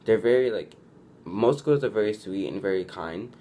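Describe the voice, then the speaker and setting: A man's voice: fairly low pitch, normal speed, dark tone, slight background noise. A young man talking casually to his viewers, giving advice in a loose, chatty way, filling his speech with "like" and restarting sentences often. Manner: chatty, heavy use of "like", restarts, acts out quoted lines. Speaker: vlogger.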